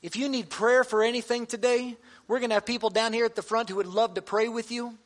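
A man's voice: very high-pitched, steady tone, fast talker. A man in his thirties, a pastor giving a sermon to fathers, earnest and conversational with touches of humor.

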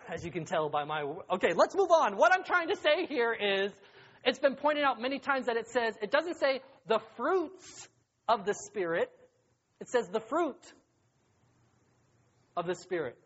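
A young adult man preaching as a youth pastor in a casual, joking, conversational sermon that rises to excited emphasis. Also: extremely high pitch, normal speed, breathy edge. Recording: dull lo-fi recording.

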